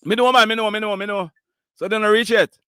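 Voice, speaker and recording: A man's voice: sits high, steady tone, fast, bright, forceful tone, clean tone, no echo, clean studio sound. A Jamaican man hosting a live call-in news show, chatting in a mix of patois and English and laughing often. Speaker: live news show host taking callers. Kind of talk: casual call-in chat.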